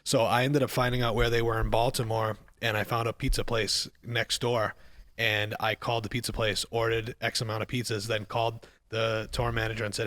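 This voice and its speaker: A man's voice: fairly low pitch, flat delivery, a little fast, fairly bright tone, dry recording. A man co-hosting a podcast, telling a tour story in an easygoing, chatty way. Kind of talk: casual storytelling.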